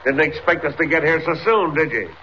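A man playing a gruff slangy police sergeant. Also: on the high side, brisk, lightly acted. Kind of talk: 1940s radio acting. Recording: dull noisy 1940s radio recording.

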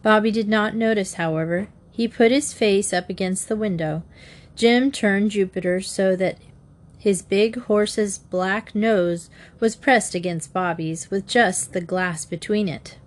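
A woman narrating a children's story in a mid-range voice. She reads steadily and lifts her pitch for the children's lines. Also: unhurried. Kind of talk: storybook reading.

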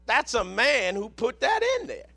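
Southern man preaching, bright voice, lively swooping pitch, dry close sound, repeats words. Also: a little slow, vocal fry. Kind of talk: sermon.

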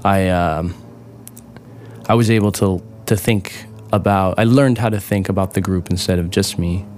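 A man telling his own recovery story in a casual, rambling way, with many fillers and restarts, swearing now and then and getting animated over the funny parts. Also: low voice, normal speed, a little hiss or hum.

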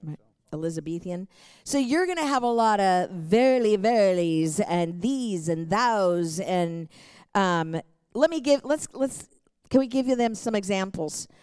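A middle-aged woman pastor teaching a church lesson in a lively way, often laughing and reading scripture aloud. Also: medium pitch, measured pace, smooth, no echo.

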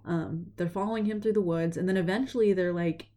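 A woman's voice: fairly low pitch, steady tone, brisk, dark tone. A woman casually retelling a story in a rambling way, leaning on "like" and "you know", earnest and reflective. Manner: chatty, rambling, heavy use of "like" and "you know".

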